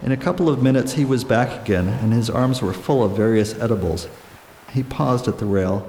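A man narrating a story aloud in a measured, even storytelling manner. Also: mid-range voice. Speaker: audiobook narrator. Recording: echoey room with long reverb and faint noise.

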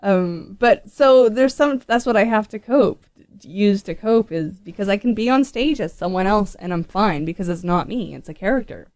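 Sex: woman. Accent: Canadian. Style: casual podcast conversation over Skype. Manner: animated storyteller with frequent restarts and laughter. Sound: dry, close. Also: mid-range voice, moderate pace, dry recording. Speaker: podcast guest. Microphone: Skype call.

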